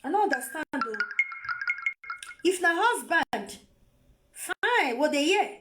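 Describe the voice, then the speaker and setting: A woman's voice: sits high, big pitch swings, slow pace, noisy background. A Nigerian woman on a phone live video, lecturing her viewers in a scolding, repetitive way. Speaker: vlogger.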